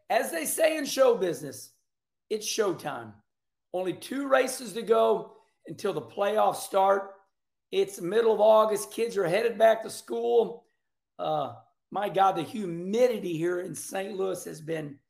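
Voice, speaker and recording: Gravelly, animated man hosting a talk show. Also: high voice. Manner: animated, folksy, loud outbursts. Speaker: show host. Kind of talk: casual racing talk show monologue. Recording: echoey room.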